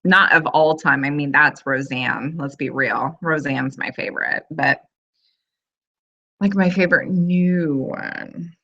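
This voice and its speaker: Speaking slowly with long pauses, this woman has a low, fairly bright voice, and the audio's highs are cut off. In her thirties, she hosts a casual home video chat, rambling and chatty with many fillers.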